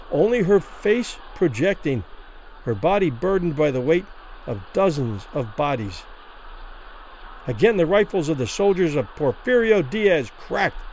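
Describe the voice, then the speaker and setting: Expressive male storyteller with a lively voice. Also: on the high side, slight background noise, poor audio. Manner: vivid, expressive narration. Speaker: narrator. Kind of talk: dramatic story reading.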